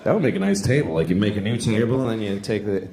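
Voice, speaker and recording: A man's voice: on the low side, quick pace, a little hiss or hum. A man, doing a stand-up comedy set in a wry, crude, conversational way. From Boston, USA. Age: 40s. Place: comedy venue with live audience. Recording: echoey room, loud crowd laughter.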